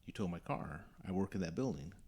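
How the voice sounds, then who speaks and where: A man's voice: deep voice, expressive, a little fast, warm tone, slightly rough. A young man hosting a podcast, telling a story casually and acting out the voices of the people in it. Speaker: podcast host.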